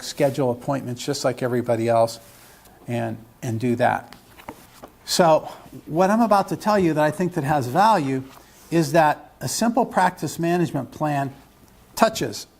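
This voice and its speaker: A man's voice: medium pitch, normal speed, vocal fry. Rambling man lecturing a room. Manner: rambling, jokey, asks the audience questions. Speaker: lecturer at a legal education seminar. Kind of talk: live lecture with anecdotes. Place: meeting room with a live audience.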